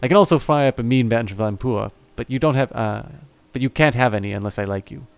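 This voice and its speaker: A man voicing a small, fierce female orc who works as a nanny, speaking in a brisk, scolding way. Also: medium pitch, creaky, clear, resonant tone, faint music behind, lightly acted. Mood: proud.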